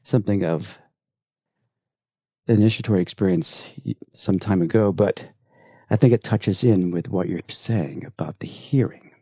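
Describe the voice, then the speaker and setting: A man, an elder of a spiritual community, slowly recounts a spiritual experience in a reflective group sharing, with halting restarts. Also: sits low, mellow, breathy edge, dry recording. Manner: slow, searching, halting restarts.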